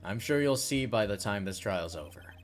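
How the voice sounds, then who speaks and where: A man voicing an earnest young male defense lawyer, reading game dialogue in a steady, matter-of-fact way. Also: lowish voice, normal speed, faint music behind, lightly acted.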